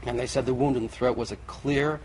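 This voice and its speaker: A man's voice: mid-range voice, steady tone, a little fast, darkish tone. A man arguing as a guest in a televised debate, insistent and methodical, in an old TV recording. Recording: faint noisy old TV recording.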